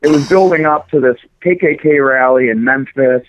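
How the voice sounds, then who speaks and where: A man's voice: medium pitch, normal speed. Ranting man on a tinny line. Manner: profane, ranting, mocking. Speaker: podcast co-host. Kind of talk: crude casual banter. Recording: dry, phone-like narrow sound.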